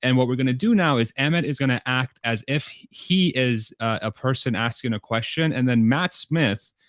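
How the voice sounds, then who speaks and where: A man hosting a live investing stream, explaining things with halting fillers. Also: medium pitch, a bit bright, no room sound, clean studio sound. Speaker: livestream host.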